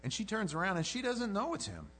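A middle-aged male pastor gives a sermon in a storytelling way. His pitch swings widely as he acts out the voices in the story. A faint electrical hum sits under the recording. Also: fast talker. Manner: animated storytelling, acting out voices. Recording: mains hum.

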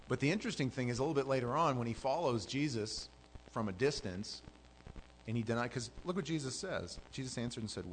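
A man preaching a sermon as pastor, telling the story with animated swings between loud, fervent passages and hushed asides. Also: mid-range voice, fast, a little hiss or hum, rough recording.

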